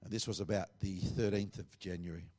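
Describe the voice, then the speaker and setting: A man's voice: deep voice, fairly even intonation, a little fast, a little mellow. A middle-aged man, a pastor, earnestly telling a testimony and acting out the dialogue he quotes.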